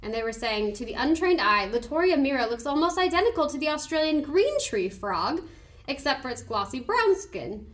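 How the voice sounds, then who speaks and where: A woman co-hosting a casual podcast chat, gushing and excitable, often giggling. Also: high-pitched, normal speed. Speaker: podcast co-host.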